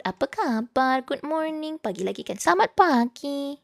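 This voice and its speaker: A woman's voice: sits high, sing-song, moderate pace, gravelly. Chatty young Malaysian woman streamer. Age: young adult. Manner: chatty, mixes English and Malay, reads chat aloud. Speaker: VTuber streamer. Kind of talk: casual study-stream chat.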